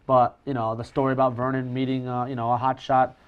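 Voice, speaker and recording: Fast-talking self-deprecating man, muffled sound. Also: medium pitch, monotone. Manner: chatty, self-deprecating, many restarts. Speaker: professional magician guest. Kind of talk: casual conversational chat.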